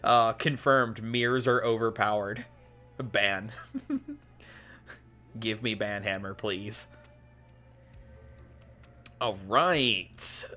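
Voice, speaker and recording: A man's voice: fairly low pitch, steady tone, takes it slowly, long pauses, bright, forceful tone. A man giving casual commentary while playing a card game, thinking aloud and chuckling often.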